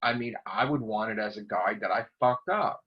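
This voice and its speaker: A man ranting casually to camera as a vlogger, excitable and rambling, swearing constantly. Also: on the low side, moderate pace. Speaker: YouTube vlogger. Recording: dull lo-fi recording.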